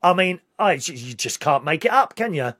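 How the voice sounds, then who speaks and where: A British vlogger talks casually to his camera in a loose, rambling, opinionated monologue that rises into indignant outbursts. His voice is a little high for a man, sing-song, fairly bright and slightly rough. It's recorded dry, with no room sound.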